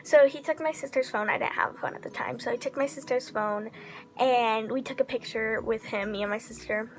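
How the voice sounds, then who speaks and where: A woman vlogger telling a casual, excitable story, full of "like" fillers and slipping into whispers for asides. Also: a little high, fairly quick. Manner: chatty, heavy use of 'like' fillers.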